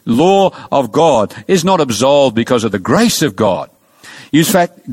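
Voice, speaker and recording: A man preaching a sermon, telling stories and acting out dialogue, slowing down for emphasis. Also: medium pitch, husky, no echo. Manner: storytelling, animated, acts out dialogue; slows down for emphasis.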